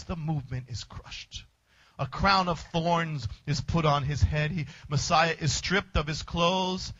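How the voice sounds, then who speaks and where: A man preacher with a high, bright, forceful voice tells a story in short, emphatic bursts. The sound is dry and close, with a dull, lo-fi tone. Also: measured pace, no room sound. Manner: vivid, emphatic retelling in short punchy phrases. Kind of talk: dramatic sermon storytelling.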